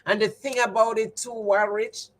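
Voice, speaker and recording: A woman's voice: fairly high pitch, fairly even intonation, normal speed, low-quality recording. Emphatic Jamaican woman telling her story. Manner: emphatic and repetitive, testimony-like. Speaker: livestream host. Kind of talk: casual storytelling to viewers.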